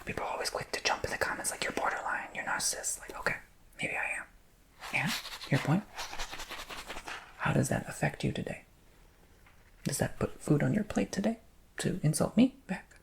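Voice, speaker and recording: A man hosting an ASMR channel, talking in a soft, rambling, emotional way that slips into whispers, often asking "you know what I'm saying?". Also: a little high, animated, moderate pace, gravelly, pauses often. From Macedonian-American family. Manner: drifts between soft talk and whispers. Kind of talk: soft-spoken ASMR chat.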